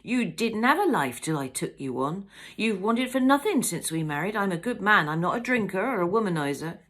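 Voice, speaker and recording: A woman's voice: deep voice, fairly quick, gravelly. A woman voicing a domineering middle-aged fisherman father who talks in a blustering, scornful way, in a storybook reading. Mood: angry.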